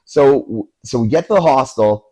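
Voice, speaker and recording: A man hosting a podcast, telling a story in a casual, animated way, acting out voices and swearing now and then. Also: mid-range voice, moderate pace. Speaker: podcast host.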